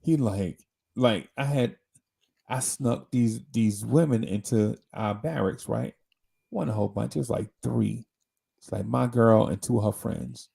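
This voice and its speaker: The host of a live show, a man with a creaky, dark, slightly rough mid-range voice, tells a slangy, rambling story at a measured pace. It's casual storytelling chat, full of restarts.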